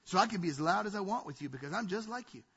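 A man preaching a sermon in an emphatic, conversational way, often dropping to a hushed tone. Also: high-pitched, expressive, very fast, slightly rough, lo-fi sound. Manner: emphatic, conversational preaching with sudden drops to a hush.

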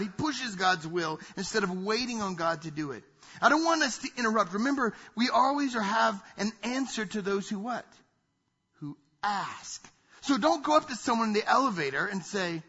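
A male pastor preaching a sermon, animated, acting out quoted voices and dropping to hushed asides. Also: sits high, husky, highs cut off. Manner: animated preaching, acts out quoted voices, drops to near-whispers.

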